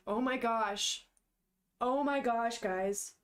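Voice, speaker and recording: A woman's voice: a little high, measured pace. A young woman with a sniffle, chatting casually and emotionally as she retells a manga, gasping and swearing in shock. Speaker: vlogger reading manga.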